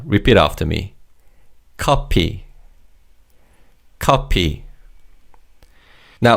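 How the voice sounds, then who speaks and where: A man with a fairly low voice that swings widely in pitch, teaching new vocabulary in a scripted lesson. He says each word slowly and clearly so learners can repeat after him. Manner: slow, clear modelling of words for learners to repeat. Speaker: language teacher.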